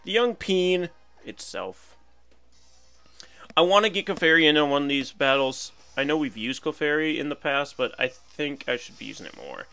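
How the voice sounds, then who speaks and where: A man's voice: a little high, expressive, brisk, few pauses, bright, forceful tone, smooth, faint music behind. A young man casually commentating his own battle game, chatty and playful, thinking aloud about each move. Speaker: gaming commentator.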